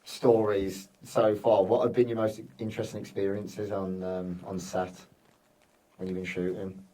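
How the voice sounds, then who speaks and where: Low-voiced podcast host. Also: male voice, a little slow, distant mic, low-quality recording. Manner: relaxed, rambling, self-deprecating. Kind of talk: casual podcast interview.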